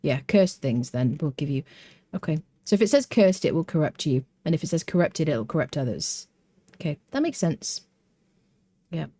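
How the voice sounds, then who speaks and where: A woman's voice: deep voice, lively intonation, normal speed, mellow, no room sound. A British woman with a mixed accent and a touch of Welsh, chatting casually while streaming a game, thinking aloud, humming and answering viewer chat. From Britain.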